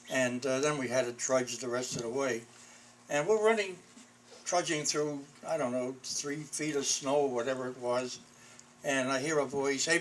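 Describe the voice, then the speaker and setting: A man's voice: mid-range voice, slight background noise, poor audio. A man in his eighties, a war veteran, telling wry memories in a chuckling, anecdotal way. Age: 80s. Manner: chuckling, wry storyteller, often breaking into laughter. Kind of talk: anecdotal storytelling.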